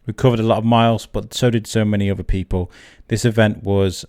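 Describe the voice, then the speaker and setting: A man's voice: fairly low pitch, level tone, quick pace, smooth, no echo, studio quality. A man hosting a podcast, chatty and friendly with plenty of ums, interviewing guests at an outdoor event. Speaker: podcast host. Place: outdoor event with music behind. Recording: outdoor event with loud music behind. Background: live music.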